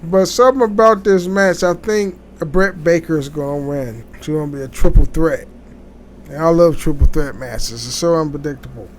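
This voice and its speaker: A man hosting a casual solo podcast, talking in a rambling, halting way with many restarts and fillers. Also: a little high, a little hiss or hum. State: sleepy, yawning. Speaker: podcast host.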